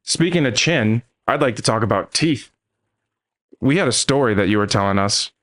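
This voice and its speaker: A man's voice: mid-range voice, expressive, normal speed, fairly bright tone. Profane joking podcast host, a man. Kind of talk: casual chat.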